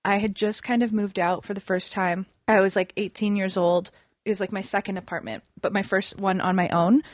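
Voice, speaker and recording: A young woman chats her way through a story, looping back with fillers and restarts as she goes. Her voice is of middle pitch, recorded close and dry with no room sound. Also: flat delivery, fairly quick, dry recording. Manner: chatty, many fillers and restarts. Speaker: podcast guest. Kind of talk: casual storytelling.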